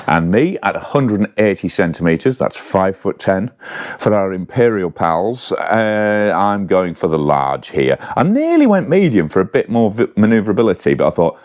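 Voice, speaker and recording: Brief: deep-voiced male reviewer, chatty, rambling asides, fixes himself mid-sentence. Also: sing-song, moderate pace, a little mellow. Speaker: bike reviewer. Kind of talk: casual spec walkthrough to camera.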